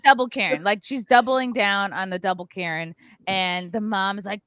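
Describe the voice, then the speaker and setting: A woman's voice: mid-range voice, fairly quick, a bit bright, no room sound. A woman hosting a podcast, telling a story with lots of "like" fillers and acting out what people said. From New York area. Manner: acts out quotes, frequent "like" fillers. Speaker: podcast host. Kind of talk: animated storytelling chat.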